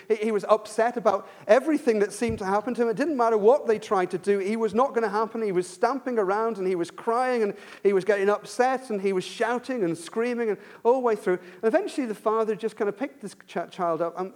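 Preaching a sermon, a man with a voice that sits high swings between hushed questions and loud, emphatic bursts. His storytelling is marked by frequent restarts.

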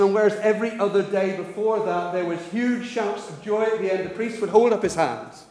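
A man preaching in an echoey hall with a long reverb tail, his voice sitting a little above the usual male pitch. He tells a story with restarts and repetitions, rising to loud, excited passages and dropping to hushed, low ones. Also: brisk, few pauses. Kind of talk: sermon.

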